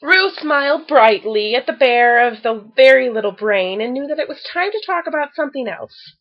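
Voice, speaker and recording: A woman reading a children's story aloud with expressive storytelling. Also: sits high, moderate pace, highs cut off. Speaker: storybook reader.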